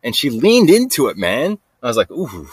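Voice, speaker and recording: A man hosting a podcast, telling a story in a rambling, restless way that swings from low mutters to sudden loud bursts. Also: huge pitch swings, moderate pace, breathy edge, no echo. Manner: rambling, restless, talks to himself with lots of "like" and "freaking". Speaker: podcast host. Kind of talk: casual storytelling monologue.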